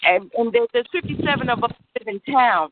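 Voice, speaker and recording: A woman's voice: on the high side, expressive, brisk. An older woman, a grandmother, calling in and venting bluntly and frankly about her family. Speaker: caller. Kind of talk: casual chat. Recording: noisy phone line.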